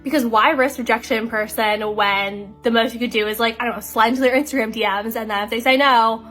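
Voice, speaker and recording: A woman's voice: a little high, steady tone, fast, fairly bright tone, faint music behind. A young woman talking to camera in a chatty casual way, peppering her talk with fillers.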